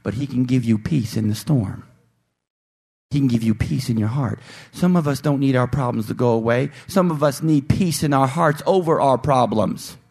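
A male pastor preaching a sermon in a church, asking the congregation rhetorical questions and slowing down to stress scripture. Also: mid-range voice, gravelly, darkish tone, husky. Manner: slows down to stress scripture readings.

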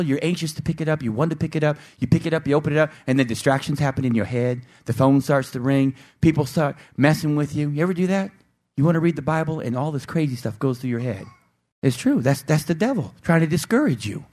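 Male pastor, sermon delivery, fairly high voice, repetitive and emphatic. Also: expressive, normal speed, a little mellow. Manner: emphatic, repetitive, calls for "Amen".

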